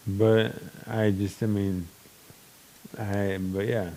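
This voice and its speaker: Young male podcast host, low gravelly voice, rambling and blunt. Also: level tone, slow, warm tone. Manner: rambling, many restarts and fillers; blunt and open. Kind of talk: casual chat.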